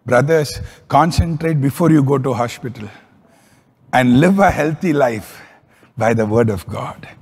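A man preaching a sermon as a pastor, telling stories with lively swings in pitch and volume. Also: a little slow, slightly rough, long reverb tail.

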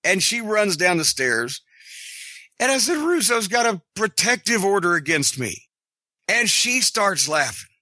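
A middle-aged man hosting a podcast, telling a story in an animated, profane, sarcastic way. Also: high voice, measured pace, no room sound. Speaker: podcast host.

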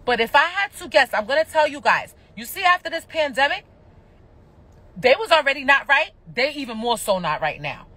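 A woman's voice: high-pitched, sing-song, normal speed, pushed and bright. Fired-up woman ranting on a livestream. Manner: passionate, annoyed, cursing. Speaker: reality TV personality going live. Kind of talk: livestream rant.

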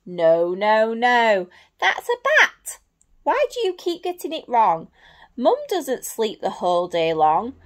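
A woman's voice: a little high, wildly swooping pitch, slow pace, exaggerated voice. A woman voicing a small young monkey looking for its mother in a storybook, insistently correcting a friend. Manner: insistent, exasperated repeated denials.

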